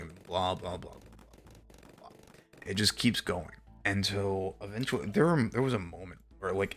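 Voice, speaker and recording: A man's voice: low-pitched, a bit bright. A young man streaming, telling a story casually with exasperated, profane asides.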